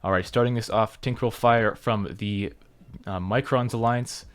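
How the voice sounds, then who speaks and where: A man co-casting a game tournament in steady play-by-play commentary, calling the action and running the bracket. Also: on the low side, normal speed, smooth. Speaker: esports co-caster.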